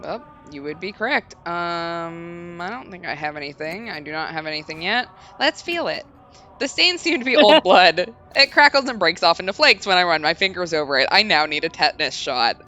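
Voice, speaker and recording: Bright, lively woman playing through a game. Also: on the low side, moderate pace. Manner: chatty, giggly, reads on-screen text in a storytelling tone. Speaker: let's play host. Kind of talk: casual game commentary, reading game text aloud.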